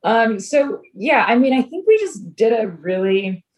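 A woman's voice: fairly high pitch, expressive, normal speed, a little mellow, slight background noise. Chatty woman telling a rambling story. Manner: rambling storyteller, many fillers and restarts. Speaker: filmmaker guest. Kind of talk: casual interview chat.

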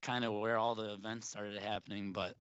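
A man's voice: on the low side, flat delivery, brisk, fairly bright tone, smooth, no echo. Young man telling a rambling story. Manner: rambling, laughing, restarts often. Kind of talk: casual storytelling chat. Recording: dry, dull lo-fi sound.

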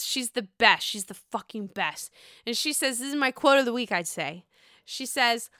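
A woman recapping a reality TV episode in casual, profane, excitable chat from home. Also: a little high, normal speed, smooth, no echo, studio quality. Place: home, dogs upstairs.

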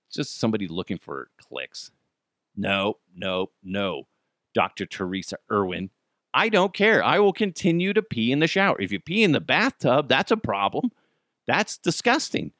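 This podcast host has a lowish, fairly bright voice, recorded cleanly in a studio with no room sound. He rants casually and profanely about the news, cursing freely and cracking himself up.

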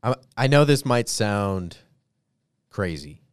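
A man's voice: on the low side, very animated, slow pace, clear, resonant tone, no echo, clean studio sound. Matter-of-fact male sports co-host. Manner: plain, matter-of-fact, makes firm short picks. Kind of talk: casual sports debate.

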